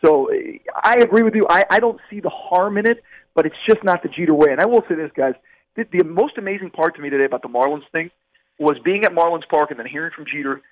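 A man's voice: a little high, quick pace, dry recording, dull audio. A man reporting on a baseball team in a casual, emphatic sports radio chat. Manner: emphatic, conversational, addresses the hosts as guys.

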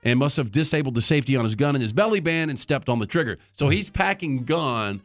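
A man's voice: medium pitch, animated, dry recording, faint music behind. Male radio host reading odd news. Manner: reads stories briskly, then jokes around.

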